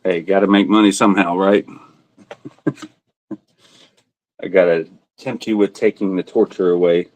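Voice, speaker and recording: A man's voice: low voice, fairly even intonation, normal speed, long pauses, a little mellow, low-quality recording. A man running a casual live auction, joking and laughing as he calls out bids and buyers by name. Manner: joking, laughs often, self-teasing. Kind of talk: casual livestream auction chat.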